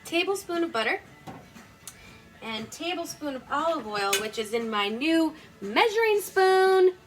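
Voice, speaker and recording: A young woman with a slightly high voice chats her way through a home cooking vlog. She rambles with plenty of ums and restarts and jokes at her own expense. Music plays faintly in the kitchen behind her. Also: big pitch swings, measured pace, poor audio. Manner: rambling and self-deprecating, full of fillers. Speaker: home cooking show host. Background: playlist music playing faintly.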